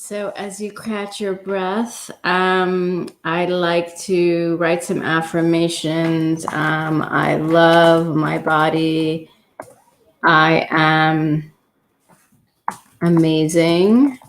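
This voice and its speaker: A woman hosting a self-love affirmation session, talking gently and unhurriedly with many pauses and ums. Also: sits low, level tone, slight background noise. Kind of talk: guided affirmations and meditation talk. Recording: roomy echo.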